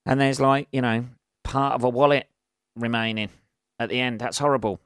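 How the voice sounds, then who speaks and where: Man, solo podcast host, sweary, rambling, self-deprecating, smooth voice, dry close recording. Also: medium pitch, fairly even intonation, normal speed, fairly bright tone, no echo.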